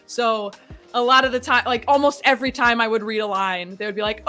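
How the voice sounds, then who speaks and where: A young woman, a voice actress guest, talking fast and excitedly in a casual chat, laughing often. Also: a little high, soft background music.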